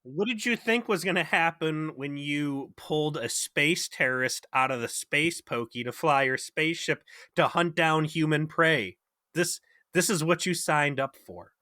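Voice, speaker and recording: A man's voice: a little high, a little slow, sharp tone, dry recording, studio quality. A man voicing a brash, cocky male starship pilot who brags about his convict past, with a swaggering, profane delivery. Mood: exasperated. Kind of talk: comic impression in podcast banter.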